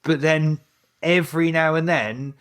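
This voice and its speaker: A man co-hosting a music podcast, reasoning his view aloud in a relaxed, thoughtful way. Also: on the high side, unhurried, clear, resonant tone. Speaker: podcast co-host. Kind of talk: casual chat.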